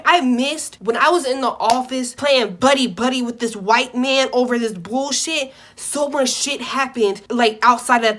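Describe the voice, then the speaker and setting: A young woman with telling a storytime in a casual, profane, animated way, acting out the quotes. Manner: animated, profane, acts out quotes with big pitch jumps. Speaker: vlogger.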